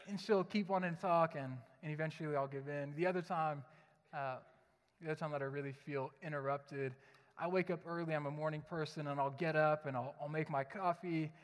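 High-voiced preacher in a reverberant church. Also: male voice, a little fast. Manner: conversational, joking, animated storytelling. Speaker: pastor. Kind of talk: sermon. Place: church sanctuary. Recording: long hall reverb.

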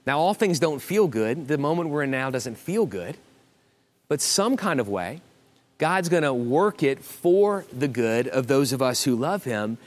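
A male pastor delivering a sermon in a church auditorium. He speaks earnestly at a mid-range pitch, often stumbling into restarts before pressing a point home through repetition. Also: big pitch swings, unhurried.

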